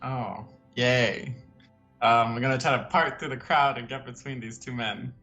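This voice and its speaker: A man's voice: medium pitch, fairly even intonation, measured pace, pushed and bright, muffled recording, faint music behind. A man playing a tabletop game, flustered and laughing at himself. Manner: flustered, laughing, self-deprecating. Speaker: player.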